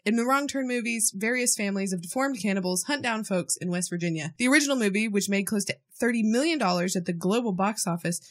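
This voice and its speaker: A woman's voice: medium pitch, quick pace, few pauses. A woman co-hosting a casual podcast, reading news items aloud and adding wry asides between laughs. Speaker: podcast co-host.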